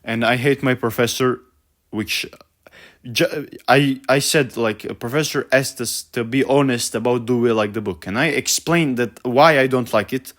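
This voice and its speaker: A man's voice: mid-range voice, moderate pace, fairly bright tone. A young man ranting about a book he hates, profane and exasperated, stumbling over his words with many fillers. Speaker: vlogger.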